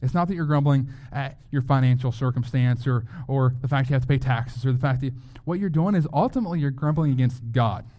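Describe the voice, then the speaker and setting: A man's voice: mid-range voice, fast talker, few pauses, dark tone. A man preaching a sermon as a pastor, in a conversational way, often asking rhetorical questions.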